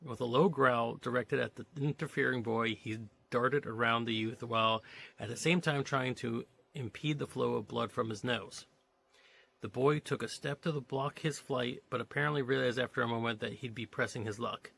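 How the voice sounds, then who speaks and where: A man's voice: mid-range voice, steady tone, moderate pace, vocal fry, a bit bright. A man reading a novelization aloud, stopping now and then to joke and comment on the story. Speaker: reader of a novelization.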